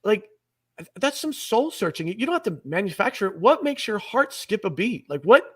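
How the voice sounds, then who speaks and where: Enthusiastic high-voiced host, off-mic. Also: male voice, very animated, normal speed, a bit bright, breathy edge, far from the mic. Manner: enthusiastic, rambling, repeats himself. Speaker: podcast host. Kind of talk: casual interview chat.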